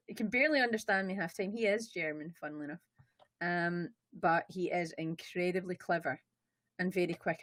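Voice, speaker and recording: A woman's voice: fairly low pitch, no echo. A Scottish woman, a Twitch streamer, chatting as an interview guest, joking about herself and laughing often. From Scotland. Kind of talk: casual interview chat. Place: studio.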